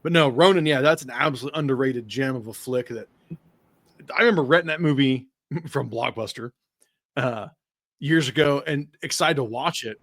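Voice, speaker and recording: An American man hosting a podcast in casual chat, animated and swearing freely as he talks. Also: medium pitch, dry recording. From United States. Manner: fast, animated, swears a lot, excitable. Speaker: podcast host.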